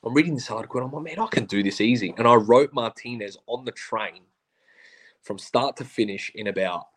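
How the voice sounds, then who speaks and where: A podcast guest with an Australian accent tells casual stories in a brisk, medium-pitched voice with a breathy edge. Animated and full of slang, he acts out the words of others.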